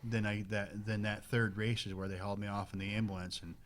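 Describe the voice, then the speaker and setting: A man's voice: fairly low pitch, little pitch movement, brisk, a little hiss or hum. A man in his thirties, a local stock car driver, chatting casually and rambling with lots of fillers. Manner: plainspoken, rambling with many fillers. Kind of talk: casual radio talk.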